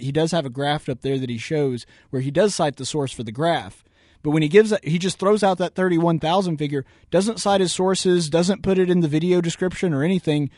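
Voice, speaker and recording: A man's voice: a little high, darkish tone, no room sound, clean studio sound. A man with a Southern US accent, hosting a radio show and arguing point by point against a video clip. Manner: argumentative, repeats words for emphasis. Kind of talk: political commentary reacting to a video.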